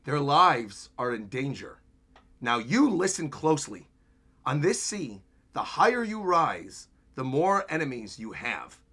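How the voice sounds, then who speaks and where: A man reading aloud as a battered old pirate who lectures a younger fighter in a gruff, drawn-out way. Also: medium pitch, big pitch swings, bright, forceful tone, voice pushed down, exaggerated voice. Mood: stern.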